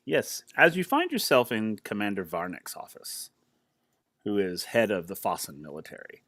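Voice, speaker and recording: A man's voice: lowish voice, very animated, moderate pace, a bit bright. A man narrating a tabletop game as game master, chatty and rambling as he describes the scene. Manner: chatty, rambling, many fillers and restarts.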